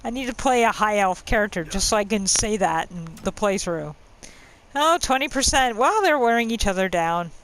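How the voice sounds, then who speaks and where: A woman's voice: medium pitch, expressive, normal speed, fairly bright tone, low-quality recording. A woman hosting a let's-play, talking in a chatty, musing way and laughing often while she plays. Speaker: gaming channel host.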